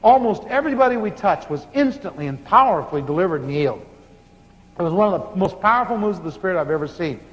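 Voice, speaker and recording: High-voiced man preaching in a hall. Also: quick pace. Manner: animated, laughing storyteller. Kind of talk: sermon storytelling. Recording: muffled hall recording with faint hiss.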